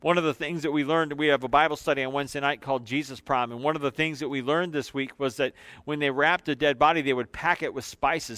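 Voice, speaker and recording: A man's voice: medium pitch, dry recording. Man preaching in emphatic cadences. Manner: emphatic, repetitive preaching cadence, slowing and dropping quiet on key phrases; loose asides with fillers between scripture readings. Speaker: pastor. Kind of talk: sermon.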